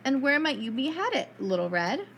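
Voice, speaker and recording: A woman voicing a sly, hungry male wolf in a storybook read-aloud, speaking slowly and with exaggerated politeness. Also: high-pitched, very animated, fairly bright tone, a little hiss or hum, exaggerated voice.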